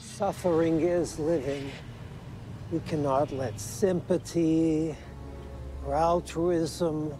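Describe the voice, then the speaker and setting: Slow brooding Boston painter. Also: male voice, fairly high pitch, steady tone. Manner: slow, heavy, exaggerated accent. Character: brooding male painter of monsters. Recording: film clip with loud music behind. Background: music.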